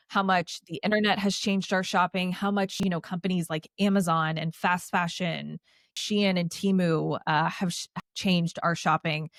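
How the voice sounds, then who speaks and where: Telling her story as a guest on a podcast, a thirties-aged woman chats casually and animatedly, leaning heavily on "like" and tossing in sarcastic remarks. Her voice sits on the low side, with clean studio sound and no echo.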